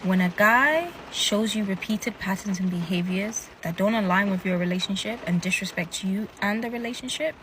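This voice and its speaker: A woman's voice: mid-range voice, normal speed, hardly any pauses, fairly bright tone, a little hiss or hum, low-quality recording. A woman giving matter-of-fact relationship advice.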